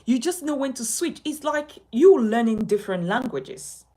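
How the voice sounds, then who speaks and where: A woman's voice: fairly high pitch, lively intonation, normal speed, dark tone, rough recording. A woman from Nigeria teaching a speaking lesson as a communication coach, emphatic and instructive, repeating her key points.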